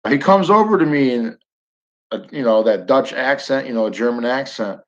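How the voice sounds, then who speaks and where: A man's voice: medium pitch, animated, normal speed, fairly bright tone. A man from Northern New York chatting casually to his viewers, rambling and chuckling as he tells a story. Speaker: live stream host. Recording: dull lo-fi audio.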